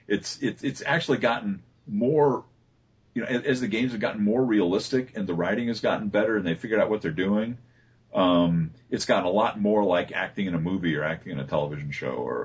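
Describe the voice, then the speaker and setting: A man, a voice actor being interviewed, telling relaxed stories about his work with many fillers and restarts. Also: sits low, slightly rough. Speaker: voice actor guest. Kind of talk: casual interview talk. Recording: dull lo-fi recording.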